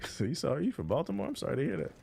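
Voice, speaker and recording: A man's voice: medium pitch, huge pitch swings, very fast, vocal fry, darkish tone. A man with a Washington, D.C. accent casually chatting on a gaming stream, using loose, profane slang and answering chat while he plays. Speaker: livestreamer.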